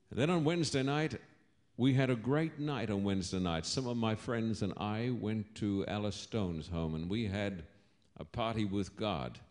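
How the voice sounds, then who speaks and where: Slow, measured preacher man. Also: medium pitch. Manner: slow storytelling preacher, rising to loud proclamations. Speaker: pastor. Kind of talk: sermon.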